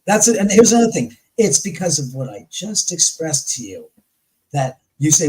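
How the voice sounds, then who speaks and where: A man guest on a live talk show, telling a story in a lively way, acting out his past arguments and swearing freely. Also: a little high, normal speed, slight background noise, rough recording. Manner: animated, acts out his own past arguments.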